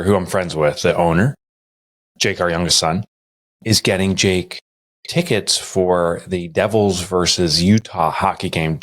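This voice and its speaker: A man co-hosting a podcast, telling stories in casual chat and mimicking others in a high voice. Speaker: podcast co-host.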